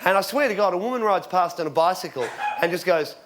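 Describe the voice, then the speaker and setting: An Australian man in his forties doing stand-up comedy, telling rambling deadpan stories with sudden shouted punchlines. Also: high-pitched, quick pace, background noise. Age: 40s. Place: theatre stage with live audience. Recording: live show with loud crowd laughter.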